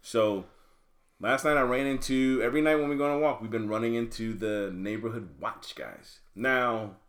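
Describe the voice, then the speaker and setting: Man, podcast co-host, casual chat, earnest, quick reactions, middle pitch. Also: fairly bright tone.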